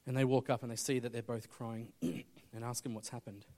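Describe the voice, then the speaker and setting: A man preaching a sermon, telling a story and swinging between urgent loud appeals and hushed, intense moments. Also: mid-range voice, fairly even intonation, moderate pace. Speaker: pastor.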